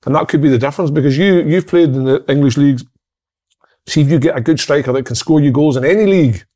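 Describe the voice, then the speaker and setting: A man pundit in a loose football chat. He talks quickly and rambles, restarting and repeating his phrases as he goes. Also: fairly high pitch, dark tone.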